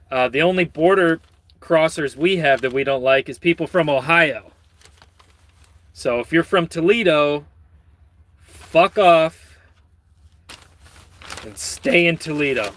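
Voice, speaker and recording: A man with a fairly high, bright, forceful voice riffs on news stories with a sardonic edge. He swears often and rambles off on tangents as he reads. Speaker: channel host reading news. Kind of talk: profane comic news commentary. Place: lives in Michigan.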